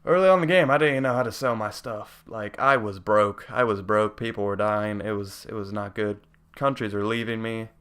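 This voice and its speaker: A man's voice: lowish voice, a little fast, fairly bright tone, smooth. Young man ranting in a game review. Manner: rambling, profane, jokey rants. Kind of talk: casual video game review.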